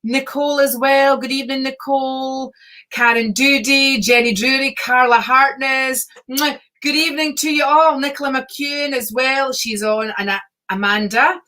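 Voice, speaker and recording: A woman's voice: sits high, steady tone, moderate pace, sharp tone. A woman hosting a casual livestream as a psychic reader, chatty, laughing often and greeting viewers by name.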